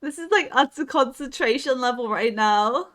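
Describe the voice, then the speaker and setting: Young woman gamer for a casual stream: high, bright, excitable and giggly. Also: moderate pace. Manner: excitable, giggly, yelps when startled. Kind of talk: casual gameplay chat.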